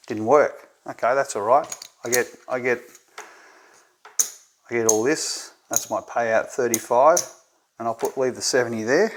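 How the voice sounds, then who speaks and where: A man's voice: medium pitch, steady tone, unhurried, pauses often, slight background noise. A man with an Australian accent, hosting a tabletop game tutorial and thinking aloud, often checking in with "right?". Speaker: gambling strategy presenter.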